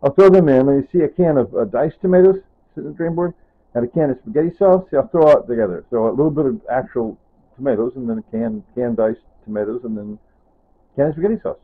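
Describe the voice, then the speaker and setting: A man vlogs casually to camera in his home kitchen, talking fast in a mid-range voice. He rambles off topic and trails off with "anyway" and "whatever." The sound is tinny, like a phone.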